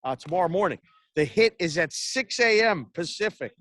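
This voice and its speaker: A man's voice: sits high, expressive, normal speed, fairly bright tone, no echo. A man hosting a sports betting podcast, talking in a rambling, brash, casual way and swearing freely. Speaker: podcast host.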